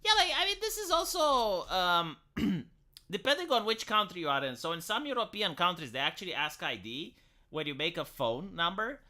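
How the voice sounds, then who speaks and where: Bright, animated man ranting. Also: high voice, moderate pace. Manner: opinionated, rambling, swears casually, sarcastic asides. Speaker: live streamer. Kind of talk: casual late-night stream rant.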